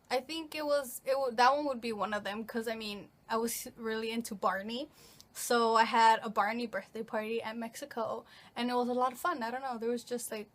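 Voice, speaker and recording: A woman of nineteen answering questions in a casual, rambling vlog, full of fillers and restarts. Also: fairly high pitch. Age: late teens. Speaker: vlogger. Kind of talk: casual get-to-know-me Q&A.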